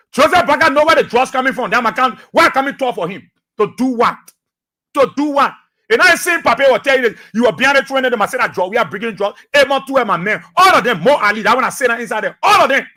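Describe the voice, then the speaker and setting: A man's voice: very high voice, expressive, quick pace, pushed and bright. A man with a Liberian English accent giving impassioned, preachy radio commentary and hammering points home by repeating phrases. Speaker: radio talk show host.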